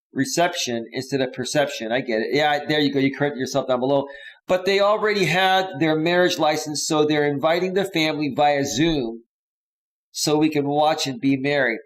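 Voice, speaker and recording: A man's voice: on the high side, rough recording. A man hosting a live coaching stream, chatting casually with viewers and reading their comments, sighing now and then. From San Francisco Bay Area. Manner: chatty, talks straight to viewers, drops to soft sighs.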